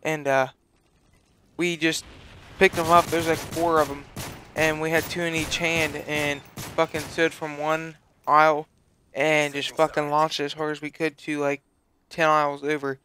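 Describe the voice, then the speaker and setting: A man's voice: on the high side, little pitch movement, moderate pace, sharp tone, slight background noise. A teenage boy giving casual, rambling gameplay commentary, swearing freely and filling his talk with "like". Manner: rambling, profane, full of "like" fillers. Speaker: gaming channel host.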